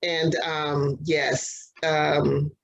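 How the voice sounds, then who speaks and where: A woman's voice: low-pitched, flat delivery, extremely slow, gravelly, rough recording. A woman guest in an interview, telling her personal story earnestly in casual conversation. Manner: earnest storytelling, acts out quoted exchanges.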